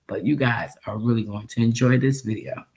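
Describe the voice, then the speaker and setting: A woman's voice: a bass voice, brisk, darkish tone. A woman hosting a casual livestream, with an accent that mixes Texan and New York speech. She laughs often and says phrases over and over. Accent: mix of Texan and New York. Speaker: livestream host reacting to a video.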